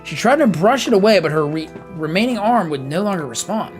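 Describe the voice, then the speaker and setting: A man streaming a live game playthrough, reading the text aloud with animated asides. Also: high voice, fairly quick, soft background music.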